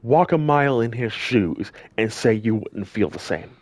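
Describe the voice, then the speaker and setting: A man's voice: lowish voice, expressive, unhurried, no echo. A man delivering a heated, scolding rant straight at his audience as a commentator, repeating lines for emphasis. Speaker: gaming channel commentator. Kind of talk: angry direct-to-camera rant.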